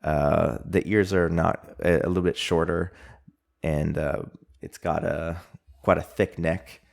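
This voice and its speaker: A man's voice: low voice, steady tone, measured pace, gravelly. A young man with a Canadian accent hosting a casual solo podcast, telling stories in a rambling way with lots of fillers and little chuckles. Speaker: podcast host.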